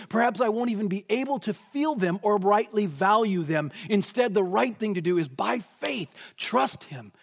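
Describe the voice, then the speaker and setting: High-voiced earnest male preacher. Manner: earnest, slows and stretches key phrases for emphasis. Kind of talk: sermon.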